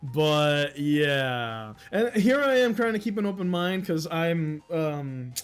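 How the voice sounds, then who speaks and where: His pitch swings widely from a high-ish base, and he talks slowly in a clear, resonant voice over faint music. The young livestream host, from the United States with Dominican-influenced American English, chats casually with viewers, rambling through stories and laughing a lot.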